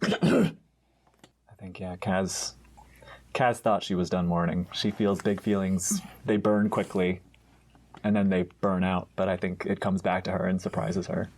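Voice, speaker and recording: A man playing a tabletop game, describing his character in an animated way, laughing and swearing freely. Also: deep voice, a little slow, vocal fry, pauses often. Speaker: player. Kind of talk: tabletop game role-play chat.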